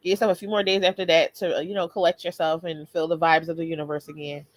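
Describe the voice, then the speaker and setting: A woman's voice: deep voice, little pitch movement, fast talker, no room sound. A woman in her thirties hosting a live motivational stream, talking casually and often laughing as she greets viewers. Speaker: host.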